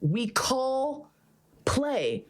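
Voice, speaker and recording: A woman's voice: high voice, drawn-out words. A woman hosting a podcast, telling stories in casual chat, swearing freely and laughing often. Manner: profane, animated, laughs often. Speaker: podcast host.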